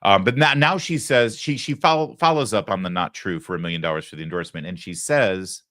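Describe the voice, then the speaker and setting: A man's voice: low-pitched, fairly quick, fairly bright tone, no echo. A man hosting a political talk show, talking with sarcastic, mocking asides from a studio. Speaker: host.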